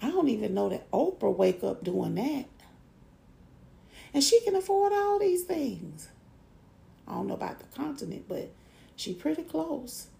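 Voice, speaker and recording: A middle-aged woman hosts a motivational podcast, with a gravelly voice that sits a little high. She talks slowly and gently, and she repeats her affirmations in a deliberate, encouraging way. Her tone is mellow and soft. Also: big pitch swings. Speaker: podcast host.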